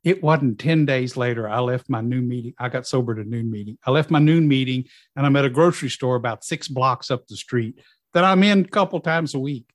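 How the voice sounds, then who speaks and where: A middle-aged man telling a personal recovery story, acting out quoted dialogue with lively storytelling. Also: mid-range voice, fairly quick, dry recording, clean studio sound. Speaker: guest in recovery.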